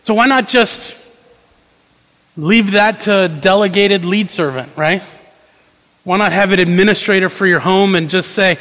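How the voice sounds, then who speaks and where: A man's voice: high-pitched, a little slow, long pauses, fairly bright tone, in a large hall, poor audio. A man preaching a sermon in a conversational way, acting out quoted prayers and tossing asides to the congregation. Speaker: pastor.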